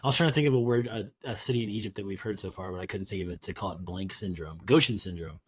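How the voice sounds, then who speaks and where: A man's voice: deep voice, fast, slightly rough, dry recording. Laid-back man reading scripture, dry mic. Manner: reads scripture aloud, then riffs with offhand jokes. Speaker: podcast co-host. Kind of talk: casual Bible study chat.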